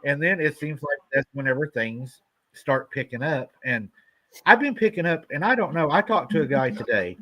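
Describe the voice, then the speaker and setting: A man's voice: fairly high pitch, expressive, normal speed, a bit bright, poor audio. Laid-back man hosting a live show. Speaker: host. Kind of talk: casual chat.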